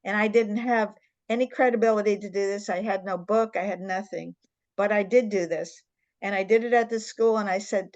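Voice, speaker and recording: Older woman interview host, mid-pitched, earnest and emphatic, close dry sound on a video call. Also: darkish tone, no room sound, lo-fi sound. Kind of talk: storytelling in an interview.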